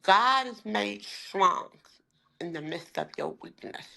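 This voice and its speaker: A woman in her forties, a life coach, talking openly and with deep faith, emphatic and heartfelt, at times holding back tears. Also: animated, slow pace, gravelly, bright, forceful tone. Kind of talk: candid faith-filled interview talk.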